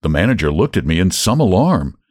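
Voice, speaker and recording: A man hosts a podcast and narrates a short story in an expressive way. His voice is fairly low but swings widely in pitch. The recording is close and dry. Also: brisk, dry recording. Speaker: podcast host and story reader. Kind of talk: audiobook-style story narration.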